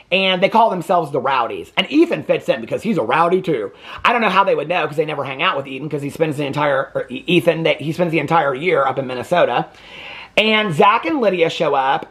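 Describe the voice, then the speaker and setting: A man's voice: a little high, fairly bright tone. A man hosting a reality TV reaction video, ranting indignantly and swearing freely in casual commentary. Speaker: TV reaction host.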